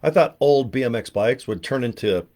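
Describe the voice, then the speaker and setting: A man's voice: mid-range voice, normal speed. A man in his fifties from California, telling rambling, joking stories in a casual monologue. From California, USA. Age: 50s. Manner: animated storyteller, chatty and jokey. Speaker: online marketer.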